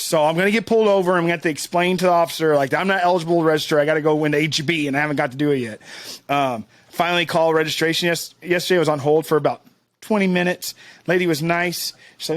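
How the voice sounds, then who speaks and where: A man's voice: fairly high pitch, quick pace, no echo. A man co-hosting a podcast, telling rambling self-deprecating stories in casual chat. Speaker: podcast co-host.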